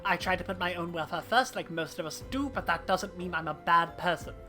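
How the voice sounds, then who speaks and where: A streamer doing a wheedling, down-on-his-luck merchant from a fantasy game, theatrical and eager to sell, in a bright, forward tone. Soft music plays underneath. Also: mid-range voice, brisk, natural voice. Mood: apologetic. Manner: theatrical read of game dialogue. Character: struggling small merchant, wheedling and grumbling. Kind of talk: reading game dialogue aloud on stream.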